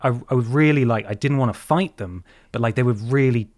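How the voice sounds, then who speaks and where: A man's voice: medium pitch, a little fast, a little mellow, dry recording. Sweary man telling a story, dry sound. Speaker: podcast host. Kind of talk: casual chat, storytelling.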